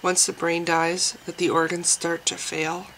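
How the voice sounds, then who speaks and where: A woman vlogger talks through her thoughts in a relaxed, unscripted way, pausing and restarting often. Her voice has a bright, sharp edge with a gravelly fry. A faint hiss of noise sits behind her. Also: on the low side, poor audio. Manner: hesitant, thinking aloud with many restarts and ums. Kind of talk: casual spoken commentary.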